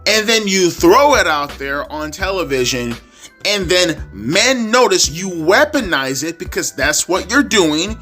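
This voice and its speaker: A man's voice: high-pitched, big pitch swings, unhurried, bright, forceful tone, soft background music. Ranting young man, profane and exasperated. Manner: profane, repetitive, exasperated rant. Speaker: YouTube wrestling commentator. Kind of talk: ranting casual commentary.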